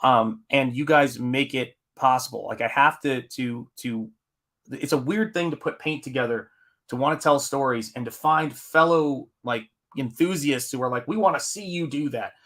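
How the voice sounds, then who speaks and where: Male streamer, bright tone, rambling and chatty while reading chat. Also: medium pitch, moderate pace. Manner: rambling, reads chat aloud with fillers. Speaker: comic artist hosting a live stream. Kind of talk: casual live-stream chat.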